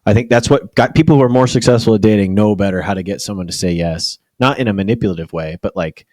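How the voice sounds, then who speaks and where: A young man with a lower voice and a dry, wry delivery, giving relaxed advice on a podcast. He is recorded close and dry on a studio mic. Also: fast, no room sound. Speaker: podcast co-host. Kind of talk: casual comedic podcast chat.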